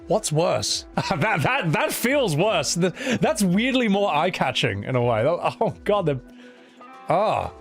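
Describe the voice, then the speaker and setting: A man's voice: high-pitched, slow, vocal fry. Guy streaming and chatting, swears a lot, laughs all the time, voice swings up and down, faint music behind. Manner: animated, laughs often, swears freely. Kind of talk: casual stream commentary.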